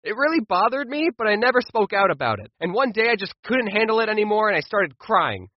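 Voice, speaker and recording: A man telling comic childhood stories in an animated, playful way, slipping into quoted voices. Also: sits high, fairly quick, no echo, dull audio. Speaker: storytime YouTuber. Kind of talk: comedic storytelling.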